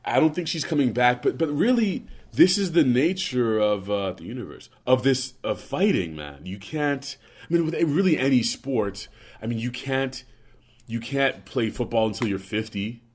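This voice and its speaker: A man's voice: mid-range voice, lively intonation, moderate pace, husky. A young man hosting a podcast, rambling in casual banter, jokey and profane. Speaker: podcast host.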